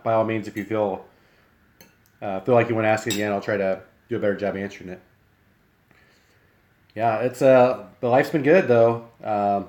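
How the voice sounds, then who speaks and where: Rambling young Midwestern man in an echoey kitchen. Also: medium pitch. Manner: rambling, friendly, talks with mouth full. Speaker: streamer. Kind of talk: casual live-stream chat. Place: home kitchen.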